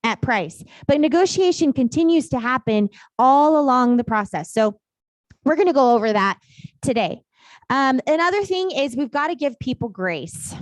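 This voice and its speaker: A woman's voice: fairly high pitch, no room sound. A woman teaching a real estate class in a casual, chatty way, telling stories and laughing often.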